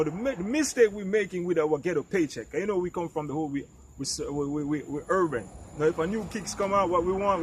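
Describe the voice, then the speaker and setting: This middle-aged vlogger's voice is a little high, with a touch of hiss or hum in the recording. Ranting straight to camera, he hands out emphatic, preachy advice, keeps checking that the listener understands, and often trips over and repeats his words.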